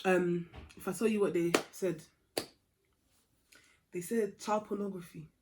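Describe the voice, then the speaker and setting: A young woman telling a storytime vlog story in a chatty, animated way, dropping to a hush and rising to heated outbursts. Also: lowish voice, measured pace, noisy background. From England. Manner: chatty and animated, swings from hushed to loud and heated. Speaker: vlogger.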